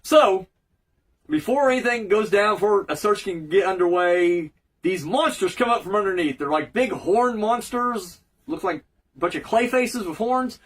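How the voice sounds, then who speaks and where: A man's voice: high voice, lively intonation, normal speed, rough recording. A man giving a rambling, profane, joking casual recap of a cartoon episode as a reviewer.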